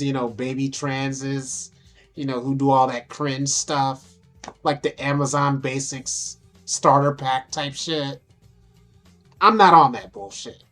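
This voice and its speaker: Young woman, casual vlog, profane, self-amused, slow pace, faint music underneath. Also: very deep voice, a bit bright. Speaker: vlogger. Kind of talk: casual vlog talk over photos.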